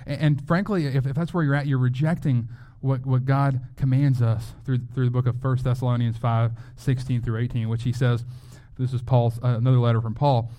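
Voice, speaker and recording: A man's voice: medium pitch, flat delivery, brisk, dark tone. A man preaching a sermon as a pastor, in a conversational way, often asking rhetorical questions.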